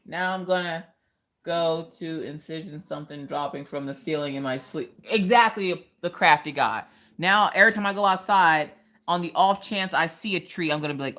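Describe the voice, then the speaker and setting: A woman chatting casually on a craft livestream, reading viewer comments with animated, laughing reactions. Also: low-pitched, normal speed. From Pennsylvania. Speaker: livestream host.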